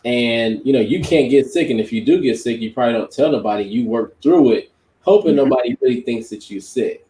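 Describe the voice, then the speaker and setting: A man in a podcast discussion talks casually and informally, speaking straight to the people around him. His voice sits at an ordinary pitch, and the room around him is noticeably echoey. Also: a little fast, dark tone. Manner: conversational, informal, speaks directly to the others. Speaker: podcast panelist. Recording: roomy echo.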